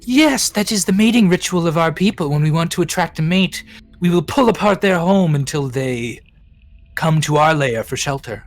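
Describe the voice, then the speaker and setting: A man voicing a huge, scheming female fish-creature queen in a high, coy, sing-song feminine voice. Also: expressive, moderate pace. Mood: flirtatious.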